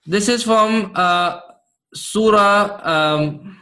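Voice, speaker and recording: High-voiced man teaching slowly. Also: pushed and bright. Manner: repeats key points and checks understanding with "right?" and "okay?". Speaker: Arabic grammar teacher. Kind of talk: classroom lesson explaining Quranic grammar.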